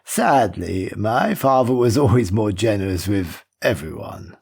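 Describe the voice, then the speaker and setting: An icy, ruthless billionaire, read by a male narrator, asking slow, clipped questions. His voice is low and gravelly, with a husky edge that makes every word sound cold. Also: very animated, a little mellow, heavily acted.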